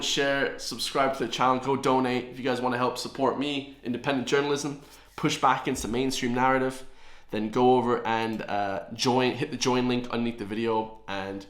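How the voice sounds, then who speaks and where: A man's voice: mid-range voice, steady tone, fairly quick, fairly bright tone. A man with an Irish accent hosting a reaction commentary, ranting heatedly with profanity and sarcasm. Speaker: commentary channel host. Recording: roomy echo.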